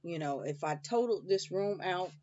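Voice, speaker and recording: Chatty homeschooling mom, muffled sound. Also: female voice, on the low side, animated, normal speed, darkish tone. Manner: rambling, many fillers and restarts. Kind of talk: casual chat to viewers. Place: home schoolroom. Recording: dull lo-fi dry sound.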